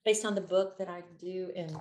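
A woman's voice: on the low side, moderate pace. A woman who leads children's ministry music, telling stories as an interview guest and acting out the lines she quotes. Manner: animated, acts out quotes with shifting voices. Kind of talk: conversational interview storytelling. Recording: echoey room.

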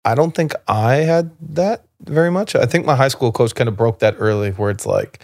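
Gravelly-voiced man telling relaxed stories. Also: medium pitch, moderate pace, no room sound, studio quality. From Canada. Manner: rambling, relaxed storyteller, many "like" fillers and restarts. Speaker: podcast guest, former basketball player. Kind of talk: casual storytelling conversation.

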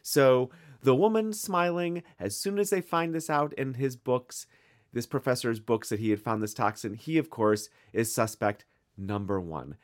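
A man with a Midwestern American accent, co-hosting a podcast in rambling, animated casual chat. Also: medium pitch, measured pace. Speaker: podcast co-host.

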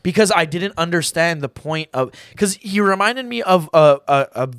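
A young man co-hosting a casual football podcast, talking in an animated, rambling way and swearing freely. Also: on the high side, normal speed, clean tone, no room sound, clean studio sound. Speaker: podcast co-host.

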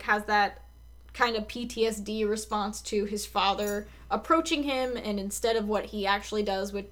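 A woman's voice: mid-range voice, fairly bright tone. A young adult woman recapping scenes in casual chat, full of fillers and frequent swearing. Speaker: podcast co-host.

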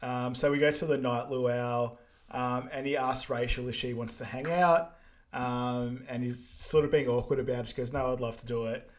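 A man's voice: medium pitch, normal speed. Easygoing man summarizing a movie. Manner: relaxed, many fillers like um and like. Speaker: podcast co-host. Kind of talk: casual film recap chat.

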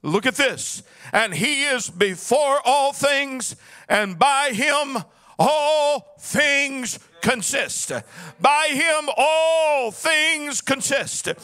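High, bright-voiced preaching pastor. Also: male voice, very slow. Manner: swings from low murmur to high chanted shouting; sing-song preaching cadence. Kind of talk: sermon.

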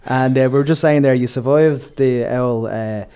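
A man's voice: medium pitch, normal speed, dark tone, clear, resonant tone. A man with an Irish accent co-hosting a podcast, rambling and joking in casual chat. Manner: rambling, jokey, laughs often. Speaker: podcast co-host.

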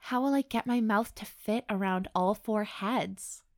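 A woman's voice: mid-range voice, unhurried, a little mellow, voice pushed up, lightly acted. A woman voicing a shy young reincarnated witch while reading a story aloud, in a dry read-aloud delivery.

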